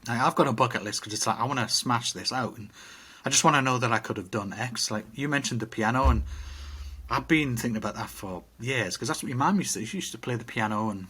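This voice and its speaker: A man's voice: medium pitch, fast, pushed and bright, husky. A middle-aged man co-hosting a casual podcast, reflective and rambling with restarts. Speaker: podcast co-host. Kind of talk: casual chat.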